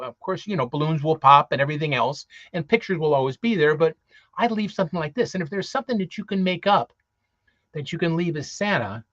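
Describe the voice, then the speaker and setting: A slightly high-voiced man talks earnestly about performing as Santa and often circles back and restarts his sentences. The sound is muffled and lo-fi. There is no room echo at all. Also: fairly bright tone. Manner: earnest, rambling with repeated restarts. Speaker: co-host, Santa performer and magician. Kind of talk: casual live-stream talk.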